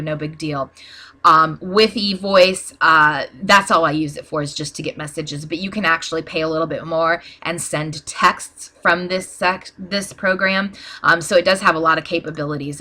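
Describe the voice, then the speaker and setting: Woman, bright and lower-pitched, explaining a screen tutorial in a practical tone. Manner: plain, practical, many "um" fillers. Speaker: small business owner teaching ad posting. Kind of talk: casual screen-share tutorial.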